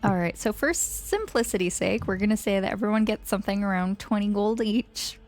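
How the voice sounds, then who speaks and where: A woman's voice: medium pitch, brisk, darkish tone, soft background music. A woman narrating as game master, casually describing a scene with many fillers.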